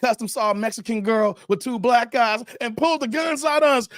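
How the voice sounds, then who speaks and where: A man from Chicago hosting a casual livestream, telling a story with animated acted-out voices and talking straight to his viewers. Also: very high voice, brisk, hardly any pauses, no echo. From Chicago, USA. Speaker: livestream host.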